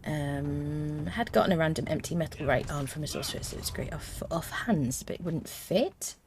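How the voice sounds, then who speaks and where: A woman's voice: low-pitched, darkish tone. A woman streaming a video game, chatting to her viewers and humming little tunes to herself as she plays. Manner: chats to viewers. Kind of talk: casual live-stream chat while playing.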